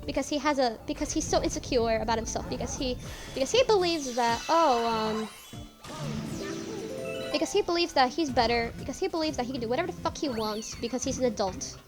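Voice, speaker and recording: Young woman, high voice, casual gameplay chat, rambling, profane. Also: animated, a little fast, music in the background. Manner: rambling, swears often, repeats herself. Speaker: gaming streamer. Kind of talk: casual let's-play chat.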